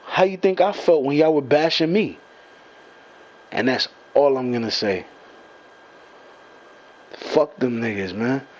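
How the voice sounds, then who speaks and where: A man's voice: mid-range voice, slow pace, long pauses, poor audio. A young man in an angry, profane rant, repeating himself and confronting the people talking about him. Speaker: gamer venting to followers.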